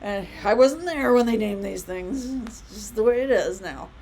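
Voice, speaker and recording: A woman's voice: medium pitch, lively intonation, normal speed, darkish tone, slight background noise, rough recording. A woman in her thirties giving a casual biology lecture, chatty and rambling with many fillers and asides. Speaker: college biology instructor.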